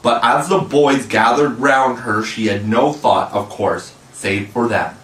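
A man's voice: medium pitch, measured pace, a bit bright. Man reading a storybook, roomy sound. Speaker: audiobook reader. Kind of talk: storybook narration. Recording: echoey room, mic at a distance.

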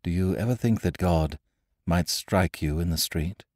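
A man voicing a grave, pious clergyman who speaks quietly and sternly. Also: deep voice, measured pace, no room sound, clean studio sound.

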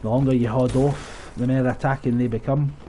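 Sweary gamer with mellow voice. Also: male voice, mid-range voice, steady tone, fairly quick, slight background noise. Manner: sweary, sarcastic, laughing often. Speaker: gaming streamer. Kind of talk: casual gameplay commentary. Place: at home. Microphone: headset.

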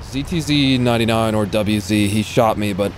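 A man's voice: on the low side, normal speed. A young man livestreaming a game, chatting casually and teasing with playful jokes and bursts of cheering. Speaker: livestreaming gamer. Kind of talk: casual gameplay commentary. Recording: game noise behind the voice. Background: gunfire and vehicle sounds from the game.

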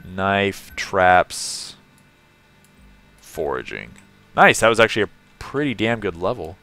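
A man's voice: low voice, sing-song, takes it slowly, bright, forceful tone. A man from California live-streaming a game, chatting casually, laughing often and greeting viewers in the chat.

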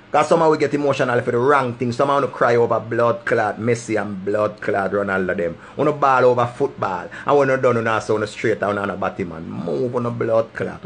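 A man's voice: medium pitch, vocal fry, fairly bright tone, slight background noise. A man with a Jamaican accent giving impassioned, preachy advice straight to camera, repeating his points for emphasis. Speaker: vlogger giving life advice.

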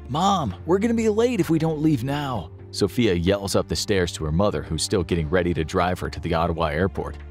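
Narrator, male, very low voice, steady dramatic delivery, scripted.

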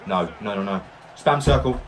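A man giving excitable let's-play commentary, narrating each move and reacting loudly as he plays. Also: on the low side, normal speed, slight background noise. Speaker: gaming YouTuber.

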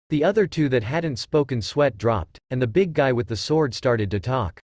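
A man narrating a fan story aloud in an animated, casual reading style. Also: medium pitch, moderate pace, hardly any pauses, no echo.

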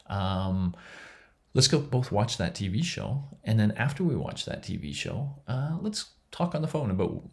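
There's a creaky quality to this middle-aged man's deep voice as he gives a casual lecture recorded at home. He meanders in a conversational way, restarting thoughts and letting out soft laughs.

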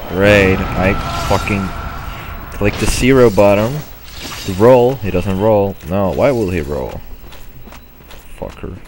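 A man's voice: fairly low pitch, slow, pauses often, background noise. A man commenting on his own gameplay, frustrated and swearing, muttering to himself.

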